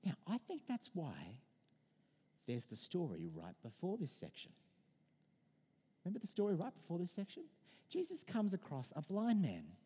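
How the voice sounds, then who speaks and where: A man in his thirties preaching a sermon in a conversational, animated way, mixing in personal stories. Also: sits high, husky, in a large hall. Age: 30s.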